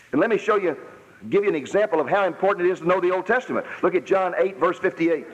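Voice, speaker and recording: High-voiced man preaching in a reverberant hall. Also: dull audio. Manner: emphatic preaching, rereads verses slowly for stress. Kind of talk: sermon reading scripture.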